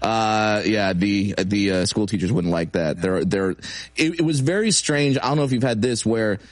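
A man's voice: fairly low pitch, moderate pace, no echo. Self-mocking comedian man, dry sound. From Southern California. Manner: self-deprecating, laughs while telling stories. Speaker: comedian guest. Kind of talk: casual interview chat.

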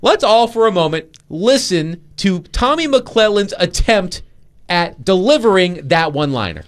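A man hosting a casual sports talk show, animated and mocking, often laughing as he talks. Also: sits high, unhurried.

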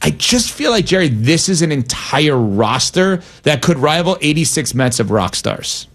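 A man's voice: a little high, big pitch swings, moderate pace. A man in his forties co-hosts a casual sports chat and speaks earnestly and with emphasis. His voice sits a little above average.

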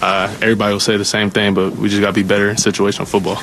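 A football player answering questions at a post-game press conference, clipped and full of fillers. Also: male voice, fairly low pitch, racing, slight background noise, rough recording. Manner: flat, clipped, with many fillers.

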